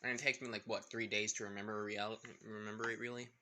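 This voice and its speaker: A man's voice: on the low side, level tone, quick pace, sharp tone, a little hiss or hum. A man improvising a fan-fiction story, rambling and hesitant with frequent restarts.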